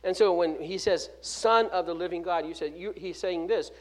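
High-voiced man preaching with emphatic swings. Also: moderate pace, hardly any pauses. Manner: emphatic preaching with sharp swings from loud to hushed; fills gaps with 'uh' and restarts words mid-phrase. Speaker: pastor. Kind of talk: sermon.

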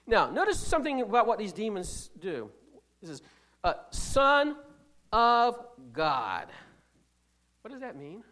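A preacher giving a sermon, putting rhetorical questions to the congregation and swinging between loud stresses and quiet asides. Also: medium pitch, big pitch swings, fairly quick. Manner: frequent restarts while reading scripture.

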